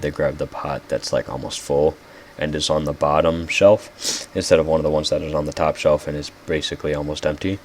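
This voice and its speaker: A man's voice: a bass voice, a little hiss or hum. A young man hosting a casual solo podcast, rambling and losing his track, with lots of "like" fillers and self-mocking jokes. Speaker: podcast host.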